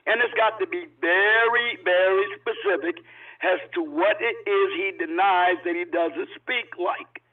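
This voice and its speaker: A man's voice: high voice, a little slow. A man calling in to a talk show, arguing methodically and lecturing the host. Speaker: caller. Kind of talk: heated call-in debate. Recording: distant tinny phone line.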